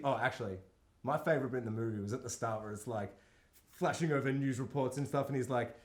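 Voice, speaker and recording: A man co-hosting a casual film discussion podcast, animated and incredulous, swearing and acting out lines from the film. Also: mid-range voice, quick pace. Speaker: podcast co-host. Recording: echoey room.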